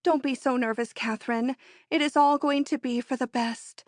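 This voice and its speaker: An excitable young society woman, voiced by a woman reading a storybook, bursts out in high, emphatic exclamations. Her voice sits well above an ordinary woman's register and is recorded close and dry. She comes across as bold and eager. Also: moderate pace, no echo, close to an everyday voice. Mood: impatient. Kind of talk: audiobook character voice.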